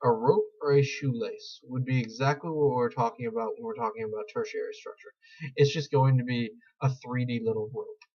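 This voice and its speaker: A man's voice: medium pitch, fairly even intonation, a little fast, darkish tone. A young man giving a casual screen-recorded tutorial, rambling and self-deprecating as he explains. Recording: slightly dull lo-fi mic.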